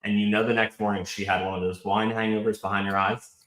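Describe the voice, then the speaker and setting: An animated, opinionated man from North Carolina, speaking as a podcast guest. His voice is a bit low. The room adds a noticeable echo. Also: fast talker. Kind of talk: casual political chat.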